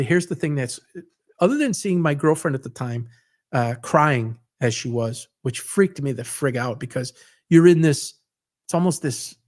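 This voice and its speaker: A man in his fifties hosts a sports talk show and tells a personal story with emphasis, often repeating words as he builds it up. His voice sits a little high for a man. The sound is dry, with no room echo. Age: 50s.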